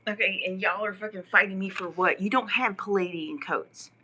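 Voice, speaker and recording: A woman's voice: mid-range voice, moderate pace, pushed and bright, a little hiss or hum, rough recording. A woman on a livestream in a rambling, profane, mocking rant. She often drops to a whisper and laughs mid-sentence. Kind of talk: rambling live-stream rant.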